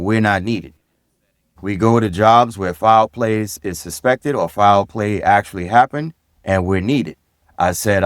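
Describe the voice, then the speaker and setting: A middle-aged man from Brooklyn, telling stories in a podcast interview. His voice sits fairly low and sounds close and dry. He talks in a relaxed, direct way and livens up when he replays conversations. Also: no echo. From Brooklyn, New York. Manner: easygoing and direct, animated when recounting dialogue. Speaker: guest, former police sergeant and DJ. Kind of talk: casual storytelling in a podcast interview.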